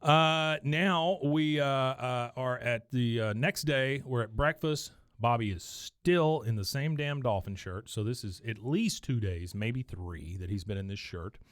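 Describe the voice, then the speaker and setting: A man's voice: medium pitch, no echo. Man retelling cartoon scenes, dry mic. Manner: acts out characters' lines in quick voices. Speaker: podcast host recapping episodes. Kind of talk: casual chat, retelling scenes.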